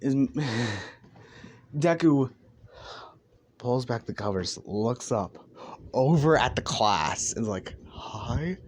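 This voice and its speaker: A man's voice: mid-range voice, expressive, takes it slowly, pauses often. A young man improvising a crude fan story, rambling, swearing and stumbling over names.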